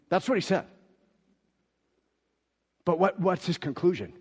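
A male pastor delivers a sermon with a somewhat high voice, moving between hushed asides and forceful, repeated declarations. His words ring out with the long reverb of a large church hall. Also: big pitch swings, a little slow, pauses often, husky. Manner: emphatic preaching that swings from quiet asides to loud declarations; repeats key phrases for emphasis.

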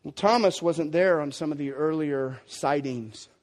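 A middle-aged man preaching a sermon as pastor, animated and acting out quotes of Bible figures in a casual way. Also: fairly high pitch, unhurried, big-room sound.

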